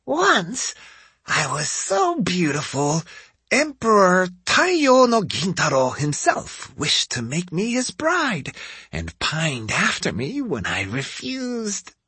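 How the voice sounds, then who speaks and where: Guy doing a raspy old lady, sly and teasing, bossy noblewoman, higher voice that swings around a lot, slow and drawn out. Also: huge pitch swings, sharp tone, dry recording, heavily acted. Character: old woman lady, sly, teasing, vain, drinks and smokes. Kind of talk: audiobook character voice.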